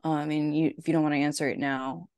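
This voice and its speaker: A woman's voice: low-pitched, flat delivery, fast talker, a little mellow, smooth, dry recording. A woman co-hosting a podcast, asking questions in a rambling, hesitant way with many fillers. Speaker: podcast co-host. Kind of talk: casual chat.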